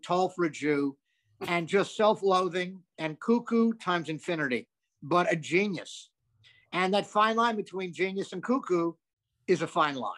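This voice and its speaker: An older male comedian spinning long, animated stories in an interview. His voice sits a bit high, and he curses freely and wanders into asides. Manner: animated, profane, rambling with asides. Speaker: comedian guest. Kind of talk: anecdotal storytelling.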